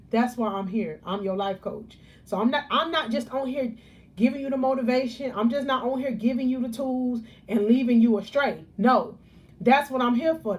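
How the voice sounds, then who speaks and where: A woman life coach giving a live motivational talk, preachy and emphatic, repeating key phrases and stressing words slowly. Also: a little high, darkish tone.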